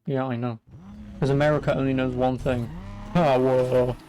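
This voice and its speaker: A man's voice: mid-range voice, little pitch movement, brisk, background noise. Sweary, sarcastic English gamer guy. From England. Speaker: gaming streamer. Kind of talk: casual let's-play commentary.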